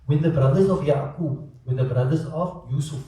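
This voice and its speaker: A man teaching a Quran lesson, animated and asking his students rhetorical questions. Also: on the high side, moderate pace. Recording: echoey room from far off.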